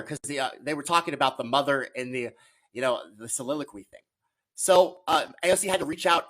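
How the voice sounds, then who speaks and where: A man's voice: fairly high pitch, fairly quick, fairly bright tone. A man appearing as a guest on a political chat podcast, teasing the host and arguing his points. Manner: teasing, argumentative.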